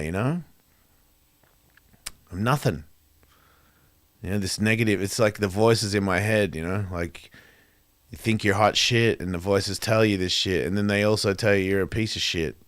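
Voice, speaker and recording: A man's voice: lowish voice, normal speed, long pauses, a bit bright, clean tone, dry recording, studio quality. A middle-aged man, hosting his show and speaking candidly in a profane, rambling, confessional way. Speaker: host. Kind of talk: candid monologue.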